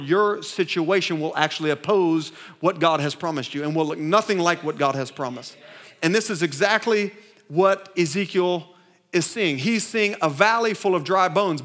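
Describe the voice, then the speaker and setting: A pastor delivers a sermon in a notably high male voice. He speaks emphatically, repeating phrases and restarting lines. He keeps asking the congregation to answer and repeat after him. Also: a bit bright. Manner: call-and-response with the congregation. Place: church service.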